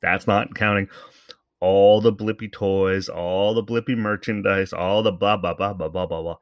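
A man's voice: low-pitched, fairly even intonation, moderate pace, dry recording, dull audio. A man hosting a podcast, giving casual, rambling commentary in a sarcastic, profane way. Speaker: podcast host.

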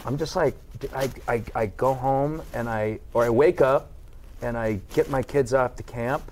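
Middle-aged man, podcast guest, halting speech, frequent restarts, easy laughs, average pitch. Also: darkish tone, a little hiss or hum. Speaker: guest actor. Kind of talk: casual podcast chat.

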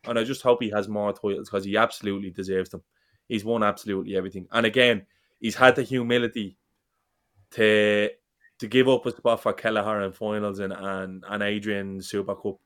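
A man talks football on a casual podcast. His voice sits fairly low and stays flat in pitch, and he swears freely and often repeats himself. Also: a little fast, smooth. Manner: passionate, sweary, repeats words. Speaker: podcast co-host.

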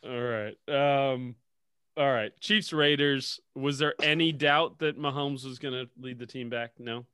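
Swearing, laughing podcast host. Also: male voice, medium pitch, measured pace, bright, forceful tone, clear, resonant tone, no room sound, studio quality. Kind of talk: casual sports podcast chat.

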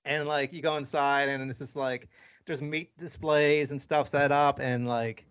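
Bright-voiced chatty male co-host. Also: a little high, little pitch movement, unhurried, smooth, dull audio. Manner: chatty, many likes and restarts. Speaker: podcast co-host. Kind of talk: casual storytelling chat.

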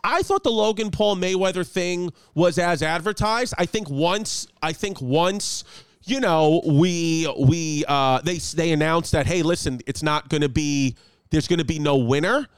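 Joking, rambling man with a high, smooth voice. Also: unhurried, no room sound. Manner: rambling, joking, swears freely. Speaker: podcast host and comedian. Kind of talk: casual podcast chat. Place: home apartment.

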